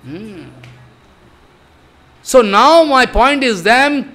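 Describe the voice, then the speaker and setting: An older man, a spiritual teacher, gives a devotional discourse, chanting verses and explaining them with repeated emphatic phrases. His high-pitched voice is expressive and sharp, and he speaks slowly.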